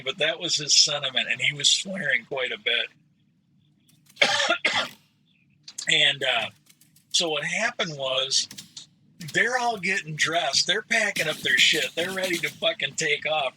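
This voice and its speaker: A man's voice: fairly high pitch, expressive, measured pace, pauses often, bright, forceful tone, a little hiss or hum, rough recording. A man streaming a game and telling a rambling, profane story with a lot of hedging. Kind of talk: casual storytelling while gaming.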